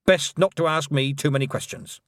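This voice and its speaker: A man's voice: on the high side, no room sound, voice pushed up, lightly acted. Granny Weatherwax, a curt old witch, read by a man. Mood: stern. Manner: slow, clipped and dry. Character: stern older witch, curt and commanding.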